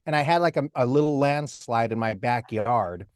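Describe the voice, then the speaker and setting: A man's voice: medium pitch, animated, moderate pace, hardly any pauses, no room sound, studio quality. A man, a voice actor, chatting casually on a livestream panel and telling rambling stories over a video call.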